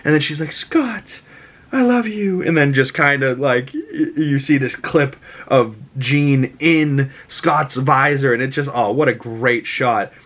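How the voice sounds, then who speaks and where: A man's voice: medium pitch, steady tone, unhurried, a bit bright. A man with a Boston accent hosting a podcast, recapping an episode casually, rambling, swearing and acting out characters' lines. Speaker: podcast host.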